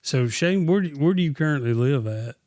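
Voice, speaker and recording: A man's voice: a little high, expressive, brisk, a little mellow, no room sound, clean studio sound. A man hosting a casual podcast, easygoing and a little hesitant as he introduces and questions his guest. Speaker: podcast host.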